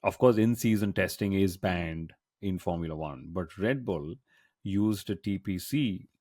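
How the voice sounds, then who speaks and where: A podcast host with a notably deep voice leads a relaxed chat, telling stories playfully and slipping in cheeky asides. He speaks a little slowly, and the sound is dry and close to the mic with no echo.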